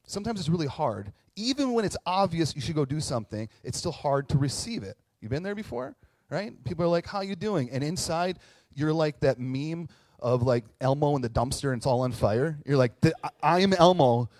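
Animated joking pastor, a man. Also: fairly high pitch, brisk, dry recording. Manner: animated, jokey, talks to the audience. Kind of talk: storytelling sermon.

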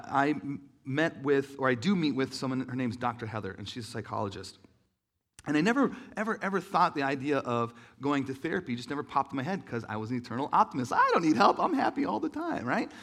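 A man's voice: medium pitch, expressive, a little fast, a bit bright. A man in his thirties telling a personal story in an earnest, emotional sermon, with many restarts and fillers.

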